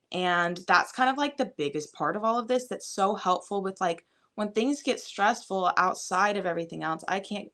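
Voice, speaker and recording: A woman's voice: on the low side, fairly bright tone. A young adult woman talking casually as a podcast guest, rambling with many fillers. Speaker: guest, fitness coach and mother.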